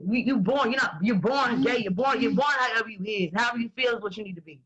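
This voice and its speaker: A woman, talking in blunt, profane and animated casual chat as host. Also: fairly high pitch, quick pace, low-quality recording. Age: 20s.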